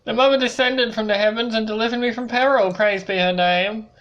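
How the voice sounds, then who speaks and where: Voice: medium pitch, steady tone, brisk, lo-fi sound, pitched above the performer's own voice, close to an everyday voice. A gamer reading a devout priest's lines aloud in a raised, lofty voice while playing a game. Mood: solemn. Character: devout middle-aged priest, solemn and preachy.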